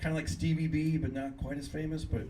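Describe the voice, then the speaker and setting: A middle-aged man from Fresno, California, doing live stand-up and telling animated stories in which he acts out voices. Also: fairly high pitch, fast talker, distant mic, a crowd in the background. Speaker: stand-up comedian and guest.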